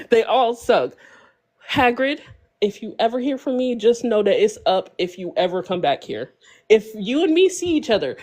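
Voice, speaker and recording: A woman's voice: fairly high pitch, a little mellow. A woman on a live podcast panel, ranting bluntly and playfully and laughing often as she talks.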